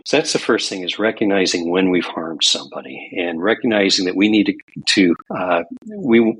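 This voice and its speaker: A man's voice: sits low, a bit bright, breathy edge, rough recording. An older man from California, a guest on a podcast, telling stories in an earnest, reflective way. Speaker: guest, past grand master of a Masonic lodge. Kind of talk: podcast interview.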